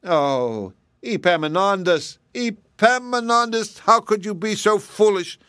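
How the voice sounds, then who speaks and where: A man voicing an exasperated mother who scolds her son loudly and emphatically in a storybook reading. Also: mid-range voice, expressive, normal speed, dry recording, clean studio sound, lightly acted. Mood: scolding.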